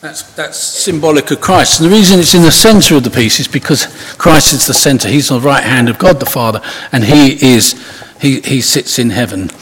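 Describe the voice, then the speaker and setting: Husky-voiced man preaching in an echoing hall. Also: medium pitch, moderate pace, fairly bright tone. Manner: conversational, rambling with many restarts and asides. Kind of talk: informal sermon. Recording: husky voice in long hall reverb.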